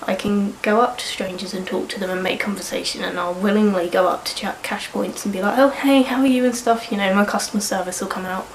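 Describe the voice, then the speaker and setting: Speaking fast and flat with hardly any pauses, a creaky medium-pitched woman in her early twenties rambles frankly through a personal vlog, swearing casually. She's sniffly with a cold. The rough recording has an echoey room sound and slight background noise.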